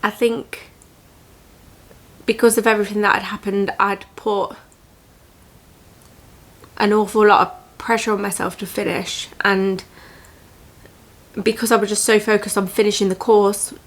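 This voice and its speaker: A woman, telling a personal story to camera in an earnest, reflective and emotional way, halting with small restarts. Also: mid-range voice, flat delivery. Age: 20s. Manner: emotional, motivational. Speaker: vlogger.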